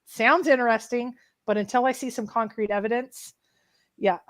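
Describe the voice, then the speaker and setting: Animated woman telling a story. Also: fairly high pitch, normal speed. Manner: emotional, animated retelling with many restarts. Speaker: treasure hunt show co-host. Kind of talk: casual livestream chat, storytelling.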